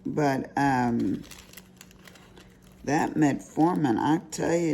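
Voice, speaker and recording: A woman's voice: low voice, slow pace, vocal fry, mellow, a little hiss or hum. An older woman, chatting casually and teasingly to viewers while she crafts. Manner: chatty, folksy, teasing, addresses viewers as y'all and honey. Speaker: crafting vlogger.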